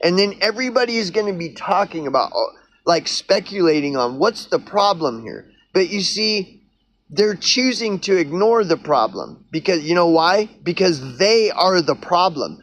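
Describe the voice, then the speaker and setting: A man's voice: sits high, expressive, normal speed, fairly bright tone, rough recording. A man ranting angrily into the camera, swearing often and repeating himself as he works himself up. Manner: profane, heated, repetitive. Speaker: vlogger. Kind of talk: angry rant to camera.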